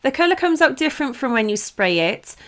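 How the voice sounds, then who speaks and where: A British woman narrating an art tutorial in a steady, explanatory voice-over. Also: sits high, brisk.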